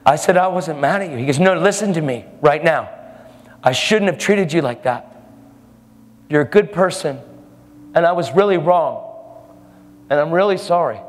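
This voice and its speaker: A man's voice: a little high, expressive, moderate pace, pauses often. A man preaching a sermon, telling a story and acting out the people in it. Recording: live hall with long reverb and faint ambience.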